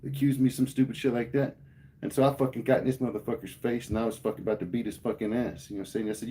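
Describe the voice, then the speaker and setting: A man's voice: medium pitch, fairly even intonation, rapid-fire, dark tone. A man livestreaming, telling a heated, profane story to his chat in casual speech. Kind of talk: casual rant to live chat.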